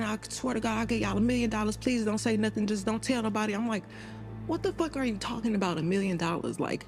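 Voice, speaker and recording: A woman voicing an adult woman who bluntly recounts being shot, in profane first-person narration for an animated video. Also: medium pitch, creaky, close to an everyday voice. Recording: narration over loud music.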